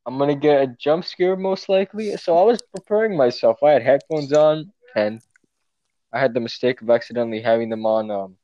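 A man's voice: medium pitch, a little fast, no room sound, dull audio. A teenage boy chatting on a casual podcast, telling a story with lots of energy and some swearing. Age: teens. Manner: animated storytelling, swears often. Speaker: podcast co-host. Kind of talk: casual chat.

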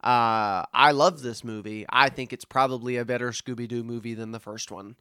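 A man's voice: medium pitch, fairly even intonation, normal speed, sharp tone, smooth, no room sound, studio quality. A young man hosting a casual movie podcast, joking and rambling, laughing often. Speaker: podcast host.

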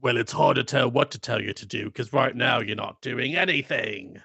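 A man co-hosting a casual podcast chat, animated and quick to laugh. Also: medium pitch, creaky, breathy edge, dry recording. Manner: animated, laughing, mimics lines. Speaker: podcast co-host.

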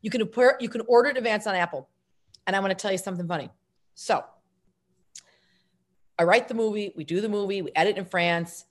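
A middle-aged actress and filmmaker telling stories as an interview guest, lively and self-mocking, jumping between tangents. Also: female voice, mid-range voice, quick pace, pauses often. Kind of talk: casual interview storytelling.

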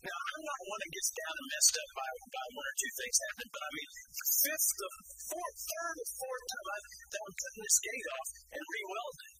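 A middle-aged male pastor preaching in a folksy, rambling storytelling way, with rural turns of phrase. His voice swings widely and sits very high for a man. Music plays behind him. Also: huge pitch swings, fairly quick, low-quality recording.

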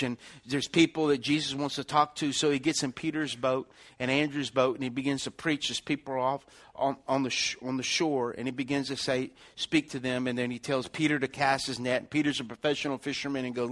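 A man's voice: medium pitch, steady tone, fairly quick, few pauses, a bit bright. A man preaching a sermon conversationally, acting out the people in his story. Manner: conversational preaching, acts out quotes, many restarts. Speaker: pastor.

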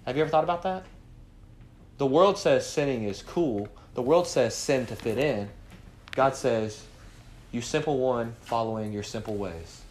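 A man leading a morning Bible study, preaching with lots of rhetorical questions and swinging from quiet asides to loud cries. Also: mid-range voice, moderate pace, slight background noise. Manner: animated, fires rhetorical questions at the group.

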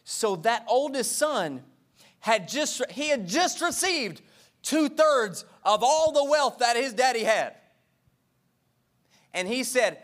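Male pastor, high-pitched, impassioned sermon delivery with repeated refrains, addresses the congregation directly. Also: very animated, slow pace, long pauses, a bit bright. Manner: impassioned preaching with emphatic repetition.

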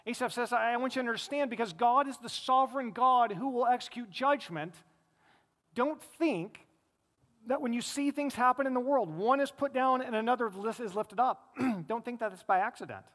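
A man preaching a sermon as pastor, emphatic, rising loud and dropping low and quiet for stress. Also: moderate pace. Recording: long reverb of a large hall.

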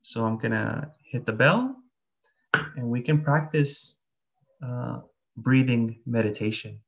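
A man giving an earnest, plainspoken Buddhist talk, often pausing on fillers, then leading a guided breathing meditation. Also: mid-range voice, animated, vocal fry, dull audio. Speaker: Buddhist teacher.

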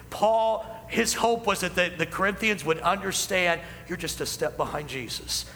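A man preaching a sermon as pastor, building emphasis and slowing down on key lines. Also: fairly high pitch, sharp tone, a little hiss or hum. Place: church sanctuary. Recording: hall reverb, faint ambience.

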